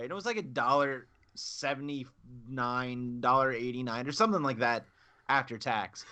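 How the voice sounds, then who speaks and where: A man's voice: mid-range voice, moderate pace. A man in his thirties, a podcast co-host, telling a story in casual chat and acting out both sides of the exchange. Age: 30s. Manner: animated, acts out both sides of his anecdotes.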